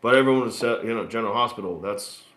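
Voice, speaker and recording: A man born in Australia and raised in Texas, telling stories as a guest in a casual interview, relaxed and rambling with fillers. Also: lowish voice, fast talker. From born in Australia, grew up in Texas. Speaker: guest actor. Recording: roomy echo.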